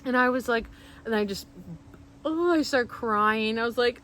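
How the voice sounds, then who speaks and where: A woman's voice: on the high side, moderate pace, fairly bright tone, a little hiss or hum, poor audio. A woman vlogger telling a personal story in casual, emotional, rambling speech full of restarts.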